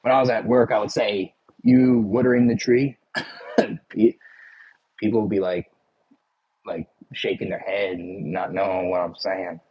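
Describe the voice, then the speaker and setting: A man's voice: deep voice, fairly even intonation, unhurried, long pauses, slightly rough, dull audio. A man with a Philadelphia accent chatting casually with his livestream viewers, rambling and full of "like" and "you know".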